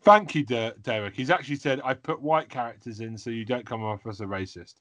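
A man's voice: mid-range voice, fairly quick, a bit bright. A man hosting a casual podcast, laughing at himself and swearing often as he chats with his co-hosts. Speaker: podcast host.

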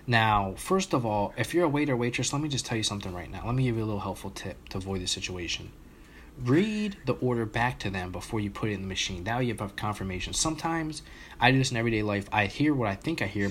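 A man's voice: lowish voice, lively intonation, fast, fairly bright tone, a little hiss or hum. A man telling a long story in casual chat among friends on a podcast, with frequent restarts and fillers.

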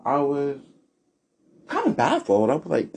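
Sassy gravelly-voiced male podcast host. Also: wildly swooping pitch, a little slow, darkish tone. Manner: sassy, blunt critique with dramatic pitch swings. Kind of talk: solo opinion podcast.

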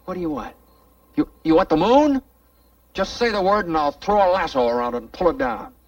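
A man's voice: fairly high pitch, animated, brisk, dry recording, distant mic, lo-fi sound, close to an everyday voice. An actor playing an eager young man courting a woman, talking in a wavering, boyish way, heard from an old film soundtrack. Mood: dreamy, eager.

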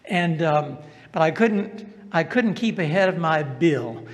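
A man's voice: fairly high pitch, animated, slow, in a large hall. An older man from the American South with a Southern accent, telling his life story as a testimony and asking the audience questions. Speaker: speaker giving a testimony. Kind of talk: personal testimony talk.

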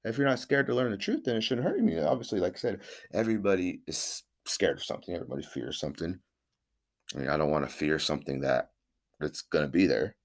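Give me a low-voiced man from Northern California hosting a solo podcast, cursing and rambling with hype-man energy. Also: lively intonation, quick pace. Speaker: podcast host. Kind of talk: casual solo podcast monologue.

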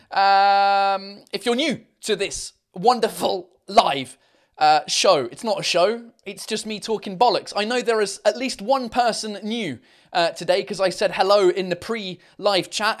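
On his casual live-stream chat show, the comedian and podcast host has a high-pitched voice, recorded at studio quality with no room sound. He wanders cheekily from topic to topic, swears without restraint and slips into French now and then.

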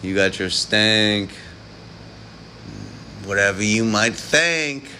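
A man's voice: lowish voice, expressive, takes it slowly, sharp tone, slight background noise. A man live streaming late at night, rambling and preaching in improvised rhymes and chuckling between lines.

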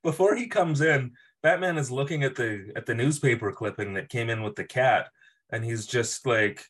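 A man's voice: medium pitch, moderate pace, fairly bright tone, slightly rough. A man co-hosting a casual podcast, recapping episodes and laughing often as he mimics characters. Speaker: podcast co-host.

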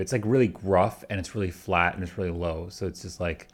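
A man's voice: deep voice, fairly even intonation, fairly quick. A man chatting casually on a podcast, rambling with many restarts and hedges. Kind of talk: casual chat.

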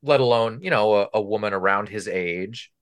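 Low-voiced man chatting about a film. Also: normal speed. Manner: chatty, explains at length with fillers. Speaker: podcast co-host. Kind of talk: casual film discussion.

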